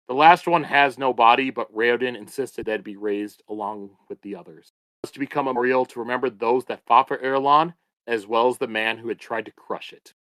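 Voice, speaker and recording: A man co-hosting a book podcast, reading a chapter summary in a steady recap delivery. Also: mid-range voice, no room sound.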